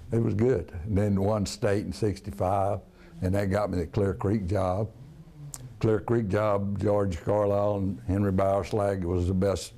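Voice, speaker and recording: Older coach, low mellow voice. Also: male voice, a little hiss or hum. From Texas. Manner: folksy storyteller, frequent "uh" and restarts. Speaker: retired high school basketball coach. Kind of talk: casual reminiscing interview.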